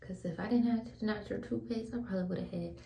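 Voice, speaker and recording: A woman's voice: mid-range voice, quick pace, creaky, dark tone, roomy sound, a little hiss or hum, rough recording. A young woman, whispering a laid-back, chatty vlog at home while she brushes her teeth and washes her face. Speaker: vlogger. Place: home bathroom.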